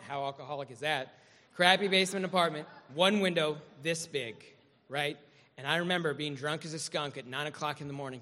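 Man, fairly high, bright and forceful, sharing a candid, self-mocking recovery story; echoey hall. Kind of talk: personal recovery testimony to a meeting.

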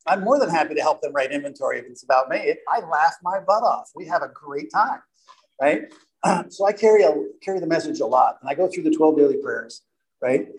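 Man, recovery speaker, casual self-deprecating storyteller, somewhat high voice. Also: expressive, fairly quick, poor audio. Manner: conversational, self-deprecating, repeats "right?". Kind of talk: recovery talk to a group.

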